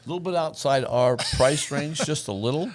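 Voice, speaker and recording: A man co-hosting a casual podcast, reacting to the others with quick quips. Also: fairly high pitch. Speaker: podcast co-host. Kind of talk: casual chat.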